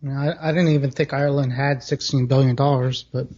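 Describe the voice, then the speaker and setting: A man's voice: mid-range voice, flat delivery, fairly quick, darkish tone. A man co-hosting a casual chat, laid-back and giving brief replies. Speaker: podcast co-host. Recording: dull lo-fi sound.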